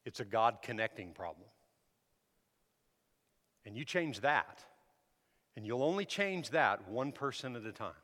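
A man preaching a sermon, shifting from relaxed storytelling to loud, emphatic exhortation. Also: medium pitch, a little slow, pauses often. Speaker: pastor. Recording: hall reverb.

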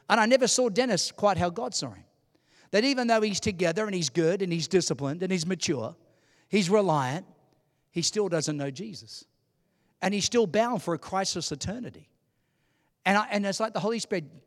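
A man preaching to a congregation, with a notably high voice. He tells a story, dropping to a hush and then building to loud, emphatic peaks. His voice carries a long reverb from a large hall. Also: lively intonation, brisk. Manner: emphatic storytelling, swinging from hushed to shouting. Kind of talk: sermon.

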